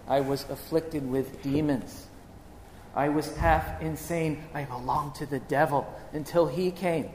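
A distraught woman disciple mourning her lost master, as a male preacher puts her on, her voice pitched up and ringing through an echoey hall with a long reverb tail. She pleads and laments in the first person, with a faint hum of room noise behind. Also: darkish tone, close to an everyday voice. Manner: emotional first-person retelling, rising to anguished pleading.

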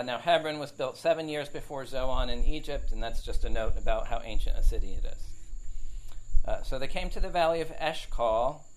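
A man's voice: mid-range voice, a bit bright, poor audio. A man teaching a Bible study, reading verses and explaining them in a conversational way, with frequent fillers and tag questions.

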